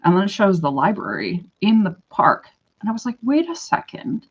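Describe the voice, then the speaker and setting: A young woman from western Canada telling a long personal story in a casual vlog, chatty and animated, acting out what people said. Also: on the low side, brisk, husky. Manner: animated, chatty, full of "like" and quoted dialogue. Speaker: vlogger. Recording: dull lo-fi recording.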